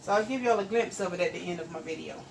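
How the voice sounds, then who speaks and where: A middle-aged woman, chatting homey and relaxed to viewers as she cooks in her kitchen. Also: on the low side, fast talker, slight background noise, poor audio. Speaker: cooking channel host. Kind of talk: casual cooking vlog chat. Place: home kitchen.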